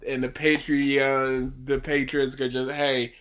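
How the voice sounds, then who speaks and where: A co-host of a live reaction stream, trading jokes and excitable banter. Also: mid-range voice, slow pace.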